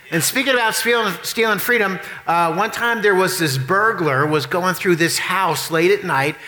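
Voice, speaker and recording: Bright-voiced pastor preaching a sermon. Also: male voice, high voice. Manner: folksy storytelling with jokes.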